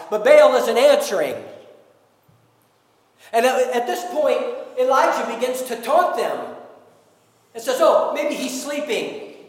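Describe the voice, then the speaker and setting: A man preaching a sermon as pastor, emphatic, with slow deliberate phrasing. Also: extremely high pitch, echoey room, in a large hall.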